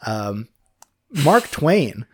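A man hosting a casual podcast in a studio, rambling through halting restarts, swearing freely and laughing often. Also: medium pitch, big pitch swings, darkish tone. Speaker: podcast co-host. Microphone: studio microphone.

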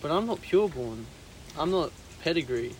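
A man's voice: fairly high pitch, animated, normal speed, rough recording. A man co-hosting a podcast in casual chat, musing aloud and restarting his sentences as he thinks. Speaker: podcast co-host. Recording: loud hiss and outdoor noise.

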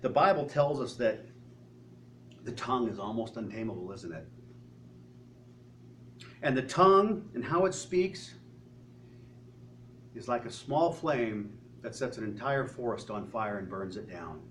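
A man's voice: mid-range voice, animated, a little slow, long pauses, fairly bright tone. A male pastor preaching a sermon in an earnest manner, asking the congregation many rhetorical questions. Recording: distant mic with faint hum.

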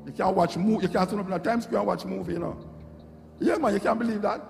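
A man's voice: high voice, quick pace, gravelly. A middle-aged Jamaican man giving an impassioned, preachy monologue, repeating phrases to drive his points home. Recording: echoey hall with loud music.

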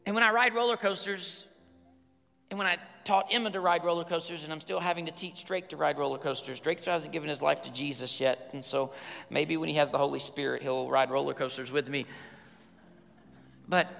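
Loud, bright-voiced pastor. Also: male voice, a little high, vocal fry, long reverb tail. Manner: chatty, humorous storyteller, bursts loud. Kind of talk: storytelling sermon.

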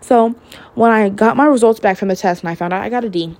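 A young adult woman hosts her own casual solo podcast, chatting candidly at a quick pace in a medium-pitched, slightly mellow voice. Her talk is full of "like" and "literally," with laughter now and then.

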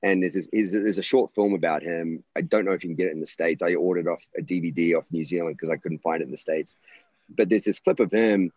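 A man's voice: low-pitched, quick pace, a little mellow, breathy edge, no echo, dull audio. A college volleyball coach, a man, telling stories earnestly and passionately, often restarting his sentences. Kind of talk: conversational interview storytelling.

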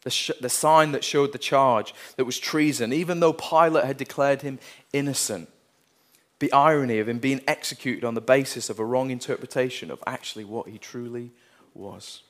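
A man's voice: mid-range voice, moderate pace, a bit bright. A man preaching a sermon, earnest, reading scripture passages with rising intensity.

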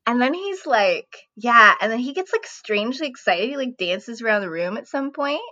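A woman's voice: on the high side, animated, moderate pace, sharp tone, dull audio. A woman co-hosting a podcast, chatting casually about a TV show and acting out the characters' lines. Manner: chatty, quoting characters in playful voices. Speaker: podcast co-host. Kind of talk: casual chat recapping a TV show.

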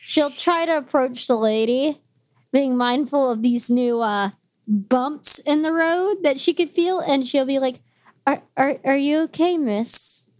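Woman player, high voice, eager and blunt. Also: measured pace, darkish tone, no room sound. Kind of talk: tabletop game play.

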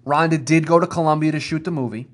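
A man talking at a rapid clip with a slightly raised pitch. He is co-hosting a podcast in casual chat, emphatic and animated, and he pushes his points hard. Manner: fast, emphatic and animated, builds to ranting. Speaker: podcast co-host. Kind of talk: casual wrestling talk.

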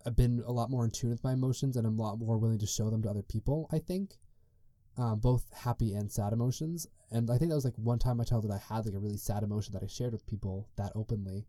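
A man's voice: fairly low pitch, fairly even intonation, fast, mellow, no room sound, studio quality. A young man hosting a solo podcast, telling stories in a chatty, rambling way full of "like" and side tangents. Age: young adult. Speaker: podcast host. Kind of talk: casual solo podcast storytelling.

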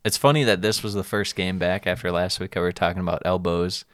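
A man's voice: sits low, fairly even intonation, brisk, a bit bright, no room sound, clean studio sound. A man co-hosting a sports podcast, chatting casually and a bit rambly about matches, laughing often. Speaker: podcast co-host.

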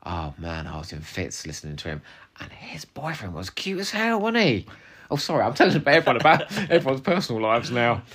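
A man's voice: mid-range voice, sing-song, fairly quick, a bit bright, husky. A man co-hosting a podcast, chatting casually and animatedly, laughing often with playful asides. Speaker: podcast co-host.

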